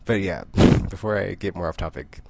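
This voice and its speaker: A young man with a low voice and a gravelly edge talks through his weekly comic pile in a loose, rambling way. He keeps going off on tangents, laughs at himself, and jumps into quick voices for the characters. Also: background noise. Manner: rambling, chatty, quick asides and little laughs. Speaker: comic book vlogger. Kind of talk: casual comic book review.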